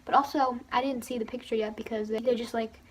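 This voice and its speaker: A woman's voice: on the high side, steady tone, fast talker, slight background noise. A teenage girl telling a story on her vlog in a gushing, giggly way, with lots of fillers and laughter. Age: teens. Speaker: vlogger. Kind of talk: excited storytelling.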